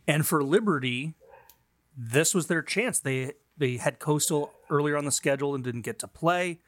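A man's voice: fairly high pitch, moderate pace, no echo. A man in a mid-range voice talks through football games on a casual podcast, chatty and easygoing with frequent fillers. His voice is recorded dry and close, with no room sound. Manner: chatty, laughs easily, many fillers. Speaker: podcast co-host. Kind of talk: casual sports chat.

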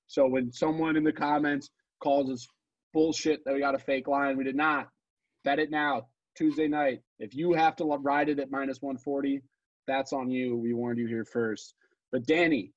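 A man's voice: medium pitch, no room sound, lo-fi sound. A man co-hosting a podcast, talking casually about betting picks with rambling asides and self-corrections. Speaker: podcast co-host. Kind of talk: casual sports betting chat.

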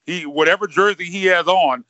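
A man talks basketball on a podcast, his voice bright and a little high. He rambles, doubling back on words as he works through a thought. The recording is dry and slightly dull. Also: normal speed, no room sound. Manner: rambling, repeats words while thinking. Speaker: podcast co-host. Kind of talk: casual sports podcast chat.

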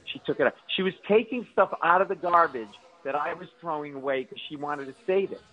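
A man's voice: a little high, brisk, lo-fi sound. A middle-aged man, a stand-up comedian, telling exaggerated, self-mocking stories as a radio guest. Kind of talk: comic storytelling on radio.

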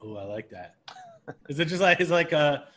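A man's voice: a little high, expressive, normal speed, bright, forceful tone. A man co-hosting a podcast, talking casually with dry humor and hesitant fillers. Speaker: podcast co-host.

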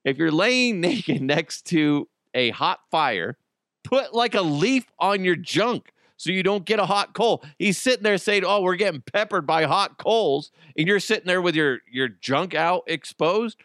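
Give me a crude, mocking male podcast host with an animated, slightly high voice, recorded dry and close. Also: measured pace, dry recording. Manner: crude, mocking, laughs at his own jokes. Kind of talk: comedic podcast rant.

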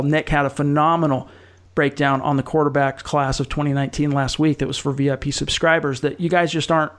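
A man hosting a sports podcast, talking casually and upbeat, plugging subscriptions. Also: on the high side. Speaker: podcast host.

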